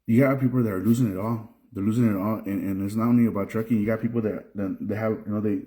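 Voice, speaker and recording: Young male trucker from Mexico, dark mellow tone, frustrated vlog rant with restarts. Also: fairly low pitch, fairly even intonation, quick pace. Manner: frustrated, repeats himself, restarts phrases. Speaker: trucker and video creator.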